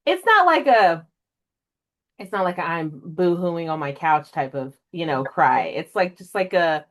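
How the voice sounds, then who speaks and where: A young woman hosting a casual book podcast, chatty and emotional, jumping way up in pitch when she acts out her own reactions. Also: unhurried. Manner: emotional, animated storyteller with big pitch jumps in quoted reactions. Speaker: podcast host. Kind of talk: casual chat.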